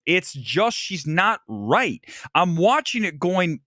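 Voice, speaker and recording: A man's voice: fairly high pitch, big pitch swings, slow, hardly any pauses, a bit bright, no echo, studio quality. A man from Ohio hosting a casual live-stream film review, opinionated and talking straight to his viewers. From Ohio, USA. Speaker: movie review host.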